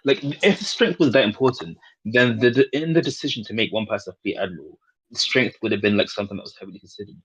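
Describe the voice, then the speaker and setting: A man's voice: fairly low pitch, quick pace, fairly bright tone, husky, no echo, lo-fi sound. A man in a casual debate, pressing his points with pointed, challenging questions.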